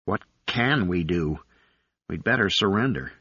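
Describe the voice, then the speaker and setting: A man voicing a weary, resigned man cornered in the field, speaking in a low mutter. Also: lively intonation, measured pace, bright, forceful tone, breathy edge, no room sound, heavily acted. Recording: dull lo-fi recording.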